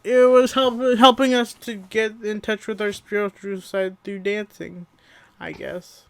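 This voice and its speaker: A podcast co-host telling rambling stories in a deadpan, casual comedic chat. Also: mid-range voice, measured pace, gravelly, clean tone, dry recording.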